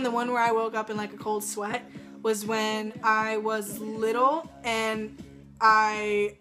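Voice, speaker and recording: A woman's voice: fairly high pitch, pushed and bright. Chatty, rambling young woman vlogger. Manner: rambling, filler-heavy storytelling. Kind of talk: casual chat to camera.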